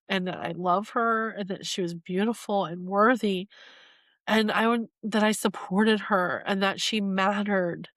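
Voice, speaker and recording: A woman hosting a podcast, telling a personal story of grief in a reflective, halting way with sighs and pauses. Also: mid-range voice, fairly bright tone, no echo, studio quality. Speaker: podcast host.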